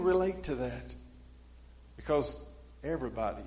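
A male preacher, giving a sermon in a folksy storytelling way, swinging between emphatic stretches and quiet ones. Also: fairly high pitch, moderate pace, roomy sound, rough recording.

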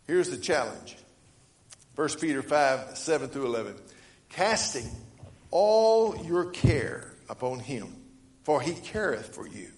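A man preaching a sermon, reading scripture and swinging between loud emphatic lines and quiet ones. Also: big pitch swings, slow pace, reverberant. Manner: rises to loud emphatic preaching, then drops low; reads scripture aloud in old-fashioned wording. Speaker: pastor.

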